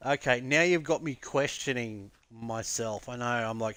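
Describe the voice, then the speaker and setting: A man's voice: mid-range voice, unhurried, hardly any pauses, bright, forceful tone, dry recording. An Australian man chatting casually on a live stream, rambling, laughing often and swearing freely.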